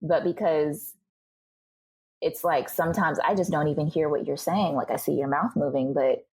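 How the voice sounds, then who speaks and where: A woman's voice: deep voice, breathy edge. A young adult woman speaking as a podcast guest, telling her story candidly and acting out what other people said to her. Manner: animated, acts out other people's remarks in quick bursts.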